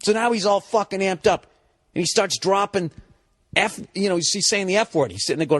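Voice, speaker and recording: In a casual storytelling monologue, a male podcast host with a Boston accent spins a profane, sarcastic tale and acts out both sides of an argument. His voice is high and fairly bright, his pace fairly quick, and there's no echo.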